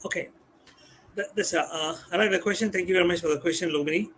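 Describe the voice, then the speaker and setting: A man, a guest speaking on a live stream, animated and repeating words as he explains. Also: high-pitched, fast talker, a little hiss or hum. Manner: animated, acts out customers' voices, repeats words. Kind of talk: live-stream talk on communication skills.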